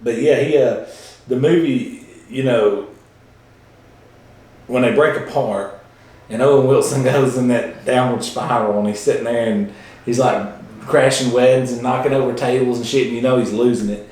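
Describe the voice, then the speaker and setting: Guy gushing about comedies, lots of um and like and cussing, mid pitch, really echoey room. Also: normal speed. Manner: excitable, swears, many fillers. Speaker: co-host. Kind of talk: casual movie chat.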